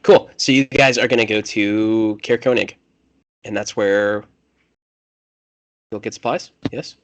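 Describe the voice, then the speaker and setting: A man's voice: fairly low pitch, fairly even intonation, unhurried, no room sound. A man running a tabletop game as game master, talking casually and correcting himself as he goes.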